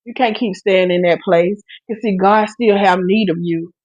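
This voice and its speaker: A woman's voice: mid-range voice, moderate pace, darkish tone, no echo, highs cut off. A woman hosting a live stream, preaching earnestly about faith and grief, with many restarts. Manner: speaks to listeners directly with encouragement. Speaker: podcast host on a live stream. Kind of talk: preaching testimony.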